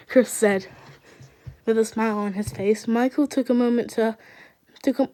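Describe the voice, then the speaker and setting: A woman's voice: on the high side, steady tone, moderate pace, long pauses, dark tone. Emotional woman reading fan fiction aloud. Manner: emotional, stops to laugh and apologize.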